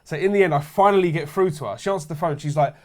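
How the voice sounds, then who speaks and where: A man's voice: fairly high pitch, rapid-fire, a little mellow. A young man telling rowdy anecdotes in casual chat, swearing freely and laughing as he goes. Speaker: show regular.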